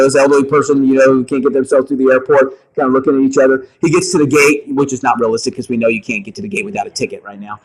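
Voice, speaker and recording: Husky man coaching a sales meeting. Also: on the high side, low-quality recording. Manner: energetic, keeps checking in with the room. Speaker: meeting leader at a realty office. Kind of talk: coaching talk to agents.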